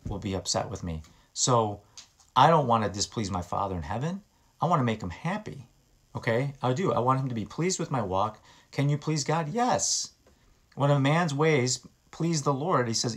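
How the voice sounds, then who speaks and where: Man, casual preacher, earnest, repeats himself, mid-pitched voice. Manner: earnest, conversational, often restarts words and repeats phrases. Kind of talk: informal sermon.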